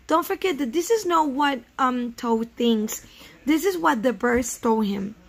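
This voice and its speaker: A woman teaching first graders a reading lesson, asking questions gently and switching into Spanish now and then. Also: sits high, lively intonation, measured pace, slightly rough. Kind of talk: remote reading lesson for children.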